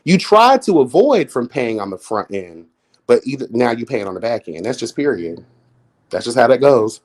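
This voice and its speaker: A man streaming live and talking straight to his chat in a mid-range voice. He is sassy and flamboyant, swears freely and keeps leaping up into high, showy exclamations. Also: big pitch swings, normal speed. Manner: chats with viewers in chat. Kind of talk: casual live-stream commentary.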